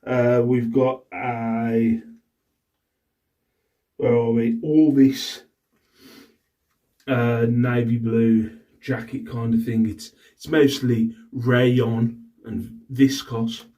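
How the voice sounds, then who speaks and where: A man's voice: medium pitch, flat delivery, drawn-out words, long pauses, dark tone, recorded from a distance. A middle-aged man, casually rambling to camera about his day and his resale finds, exasperated and swearing freely. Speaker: reseller vlogger. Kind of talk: casual vlog chat.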